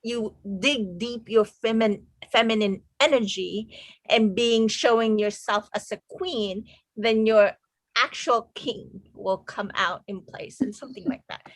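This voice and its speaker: Female guest in a casual discussion, higher pitch, hesitant with lots of fillers. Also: unhurried, no room sound. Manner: hesitant, searching for words, many fillers. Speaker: discussion participant.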